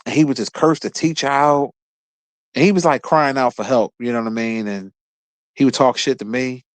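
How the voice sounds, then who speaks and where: A man's voice: normal speed, dry recording. A man in his thirties with a Philadelphia accent, telling a story casually, cursing often and breaking into laughter. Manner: profane, laughing storyteller, lively bursts of pitch. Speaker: podcast host.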